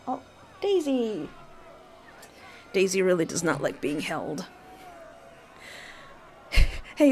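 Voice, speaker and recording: A woman's voice: medium pitch, expressive, unhurried, long pauses. A woman streamer chatting playfully while playing a story game, joking and laughing often. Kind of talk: live game commentary.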